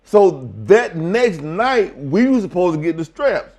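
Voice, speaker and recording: A middle-aged man telling profane, animated stories as a guest in a shoot interview. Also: sits high, measured pace. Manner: profane, animated storytelling with acted quotes. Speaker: interview guest, former wrestler.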